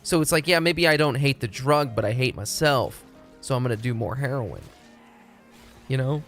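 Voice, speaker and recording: A man's voice: medium pitch, expressive, moderate pace, fairly bright tone, faint music behind. A young man from Texas, chatting casually and profanely on a live stream. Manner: rambling, profane, laid-back.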